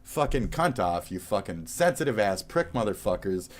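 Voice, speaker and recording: A man's voice: on the low side, big pitch swings, normal speed. A man streaming live, ranting angrily and rambling, with constant swearing. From United States. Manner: rambling, heavy cursing, angry. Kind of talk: profane live-stream rant.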